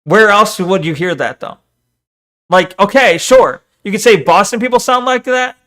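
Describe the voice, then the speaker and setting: High-voiced man rambling at his chat. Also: normal speed, pushed and bright. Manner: rambling, argumentative, reads chat messages aloud and answers them. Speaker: streamer. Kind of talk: casual live-stream chat.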